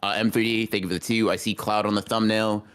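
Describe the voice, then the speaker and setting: Young man, low voice, casual podcast co-host, teasing, sudden high bursts. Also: flat delivery, quick pace, a bit bright, smooth. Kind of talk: casual livestream podcast chat.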